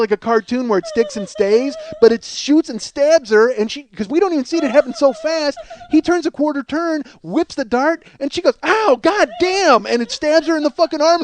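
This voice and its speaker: A man in his forties, a podcast host telling a comic story in a profane, animated way, often laughing, on a close podcast mic. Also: extremely high pitch. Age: 40s. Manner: profane, animated, swears freely and breaks into laughter.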